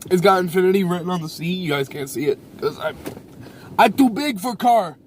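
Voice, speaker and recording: A young man with a somewhat high voice talks to his viewers from inside his parked car. He rambles in a loose, casual vlog style, full of fillers and repeated lines. The sound is picked up by a camera sitting on the dashboard. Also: a little fast, a little hiss or hum. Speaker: YouTuber. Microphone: camera mounted on the dash.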